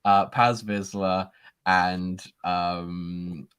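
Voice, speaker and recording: A man with a notably low voice, arguing his points in a relaxed group chat. He pushes back firmly but laughs often. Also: extremely slow, clean tone. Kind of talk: casual chat.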